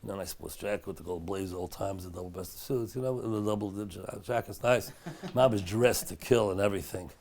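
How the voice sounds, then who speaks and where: Gravelly low-voiced middle-aged rabbi. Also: male voice, a little fast, hardly any pauses, slight background noise. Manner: chatty and anecdotal, drops to a hushed voice for dramatic story moments. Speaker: rabbi giving a Torah class. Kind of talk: storytelling Torah lecture. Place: synagogue study hall.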